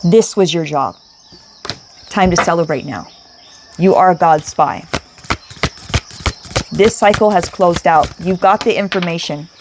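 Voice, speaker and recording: A woman's voice: lowish voice, unhurried, pauses often, noisy background. A woman giving an emotional spiritual tarot reading, speaking emphatically, repeating herself and swearing casually. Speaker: tarot reader.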